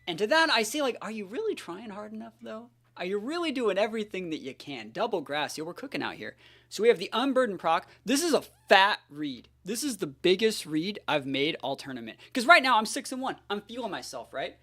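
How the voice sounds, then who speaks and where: A man's voice: high-pitched, fairly bright tone. Hyped dude calling his own game matches, lots of slang and trash talk, voice bounces all over. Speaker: competitive game player. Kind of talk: live gameplay commentary.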